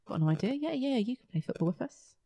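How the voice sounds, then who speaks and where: A woman's voice: a little high, big pitch swings, fast, creaky, mellow, pitched above the performer's own voice, full character voice. A woman voicing a taunting tiger from a children's cartoon, in a sly, teasing way.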